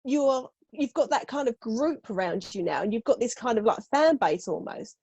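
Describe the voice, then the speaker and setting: A woman's voice: a little high, expressive, moderate pace, a little mellow, husky, dry recording, muffled recording. A woman talking casually as a podcast guest, blunt and chatty, laughing often and acting out what others say. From United Kingdom.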